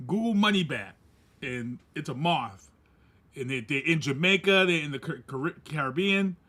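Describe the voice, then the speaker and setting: A man, co-hosting a podcast and telling a story casually, animated and laughing as he acts out quoted voices. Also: a little high, normal speed. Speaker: podcast co-host.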